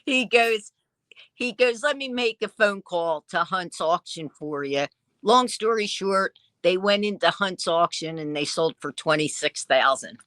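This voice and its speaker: A woman dealer tells her stories in a casual interview, jumping into quoted voices as she goes. Her tone is bright and cutting, a touch lower than most women. The sound is dry and close, with no room around it. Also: a little slow, no room sound. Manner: lively storyteller who acts out quoted dialogue. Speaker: vintage dealer and online seller.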